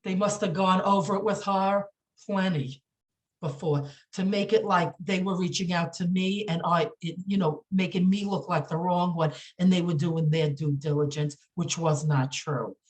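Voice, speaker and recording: A woman speaking as a podcast guest, indignant and emphatic, with halting speech full of fillers, restarts and repeated phrases. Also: on the low side, fairly even intonation. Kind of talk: emotional podcast interview.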